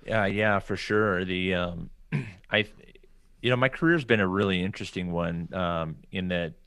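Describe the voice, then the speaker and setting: A middle-aged American man, a podcast guest, telling a story in a casual, animated way and acting out the dialogue. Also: low-pitched, unhurried, smooth, dry recording.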